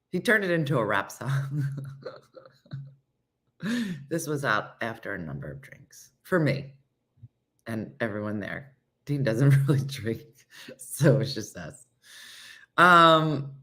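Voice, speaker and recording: A woman with a low, slightly bright voice hosts a live morning stream, reading comments and replying to viewers by name. She tells chatty stories, acts out quotes and laughs a lot.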